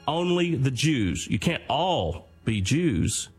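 A man's voice: medium pitch, big pitch swings, slow pace, husky, soft background music, pitched above the performer's own voice, full character voice. A man voicing a menacing, furious German army major who speaks in clipped, threatening words.

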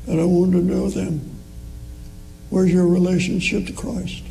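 Slow, gravelly preacher man. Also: high-pitched, little pitch movement, mellow, slight background noise, rough recording. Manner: slow, emphatic preaching with rising appeals. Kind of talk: sermon.

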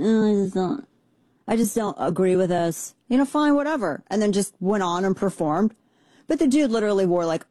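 A woman's voice: medium pitch, warm tone, no echo. A woman hosting a political talk show, speaking in an emphatic, rambling way with sarcastic asides into a studio mic. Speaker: political commentary host. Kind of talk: casual opinion commentary. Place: home studio in Texas. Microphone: studio mic with headphones.

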